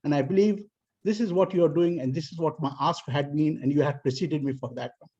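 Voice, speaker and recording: A man from South Asia giving a formal speech to a club as area director, weaving in an animated story. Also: brisk, husky. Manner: animated storyteller, voices characters in higher pitch. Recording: dull lo-fi video call audio.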